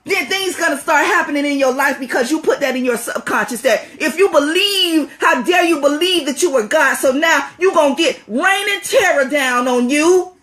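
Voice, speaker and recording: A woman's voice: sits high, fairly bright tone. A woman giving an impassioned spiritual talk, emphatic and preachy, repeating phrases for stress.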